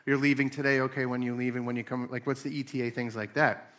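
A man in his late thirties chats casually about faith and family, telling animated stories and acting out voices. He speaks fast in a mid-range voice.

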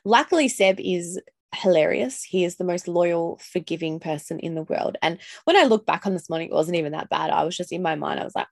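A woman's voice: on the low side, a little fast, vocal fry, dry recording, studio quality. A woman in her thirties hosting a casual solo podcast, talking candidly with swearing, laughter and acted-out outbursts. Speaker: podcast host.

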